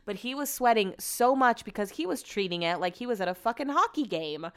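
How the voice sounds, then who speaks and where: A woman's voice: on the high side, lively intonation, a little fast, clean tone. A woman hosting a podcast, telling a story in a chatty, sarcastic way and swearing freely. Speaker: podcast host.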